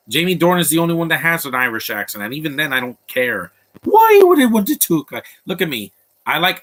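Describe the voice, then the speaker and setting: A man with a bright, forceful voice talks over a movie as it plays, tossing out blunt opinions and rambling asides. His pitch sits in an ordinary middle range for a man. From Latino background. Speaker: movie commentator. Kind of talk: live movie commentary.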